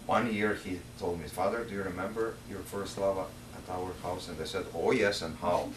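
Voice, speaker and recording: Serbian-accented priest, echoey and distant. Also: male voice, low voice, normal speed, background noise. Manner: animated, acts out dialogue in the story. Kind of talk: retreat talk, storytelling. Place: retreat center hall. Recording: roomy, distant mic in a hall.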